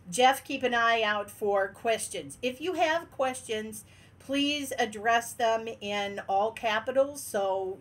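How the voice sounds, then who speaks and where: A high-pitched woman chats on a casual livestream from her den at home. She is bubbly, laughs often and greets viewers one by one. She talks in a slow, unhurried way. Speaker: livestream host.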